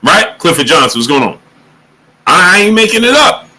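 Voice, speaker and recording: A man hosting a boxing livestream, giving shout-outs to the chat in casual, animated talk, sometimes dropping to a hush. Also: high-pitched, normal speed, breathy edge. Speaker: livestream boxing show host.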